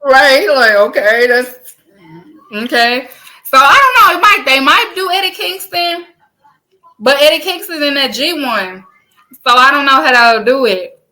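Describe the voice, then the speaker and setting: Speaking in a high voice, this Southern American co-host takes her time and pauses often. She chats casually on the podcast, spinning lively stories, laughing frequently, and cursing now and then.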